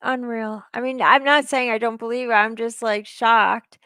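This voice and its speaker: A woman's voice: on the high side, steady tone, moderate pace, pushed and bright, clean tone, no room sound, studio quality. A woman co-host interviewing a guest in a casual chat, asking long, rambling questions. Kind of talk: casual live-stream interview.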